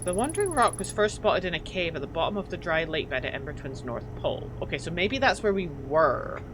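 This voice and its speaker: Her voice is on the low side and brisk as she streams a game, talking through her thoughts out loud and growing flustered in casual live commentary. Steady background noise persists in the recording.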